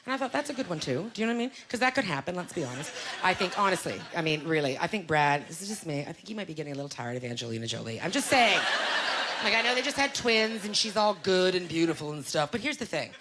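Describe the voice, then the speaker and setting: A middle-aged woman doing a stand-up comedy set on a club stage, with an animated, self-mocking delivery full of rhetorical questions. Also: fairly low pitch, quick pace. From Canada. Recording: live club recording, loud crowd laughter and noise.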